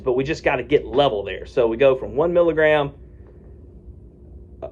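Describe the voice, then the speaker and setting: A man's voice: a little high, a little mellow, highs cut off. A man who is a physician, explaining a medication taper in a casual, folksy way and often checking in with "okay?" and "right?". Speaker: physician giving addiction-medicine advice. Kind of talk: casual talk to camera.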